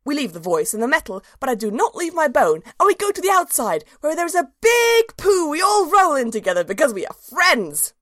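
A woman's voice: sits high, big pitch swings, fairly quick, few pauses, a bit bright, no room sound, clean studio sound, voice pushed up. A woman narrating a storybook in the voice of a cheerful, simple-minded little dog, earnest and childlike.

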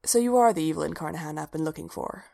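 A woman voicing a composed, gently mysterious woman leader who speaks in a calm, measured and quietly firm way, in a storybook reading. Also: low voice, gravelly.

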